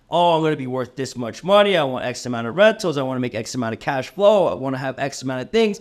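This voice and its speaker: A man's voice: mid-range voice, lively intonation, fast talker. A young man leads a sales training session with energy and emphasis. He keeps acting out sample cold call lines to show tone.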